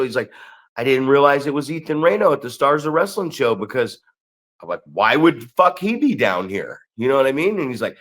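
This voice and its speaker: Animated sarcastic American podcast host. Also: male voice, mid-range voice, a little fast. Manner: sarcastic, profane, animated storytelling. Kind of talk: casual chat.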